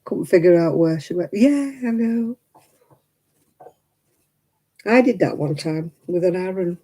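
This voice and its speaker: A woman's voice: lowish voice, expressive, moderate pace, dark tone. A middle-aged woman chatting at home while she crochets, poking fun at herself and laughing often. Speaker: crafting vlogger. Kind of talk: casual chat while crocheting.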